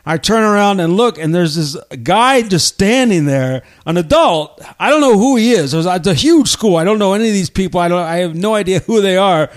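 A middle-aged man, a teacher and podcast co-host, telling stories in an animated, laughing way. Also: sits high. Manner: animated storyteller, laughs often. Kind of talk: casual storytelling chat.

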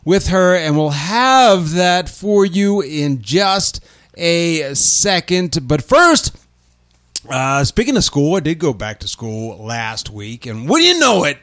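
Speelse mannelijke podcastpresentator. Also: male voice, fairly high pitch, very animated, slow, fairly bright tone, dry recording, studio quality. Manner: playful, jokey, slips into silly voices. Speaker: podcast host. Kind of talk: casual podcast chat.

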